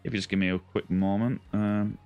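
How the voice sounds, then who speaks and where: A man's voice: on the low side, steady tone, brisk, phone-quality sound, soft background music. A young man on a live game stream, chatting casually and greeting viewers by name as mate and buddy.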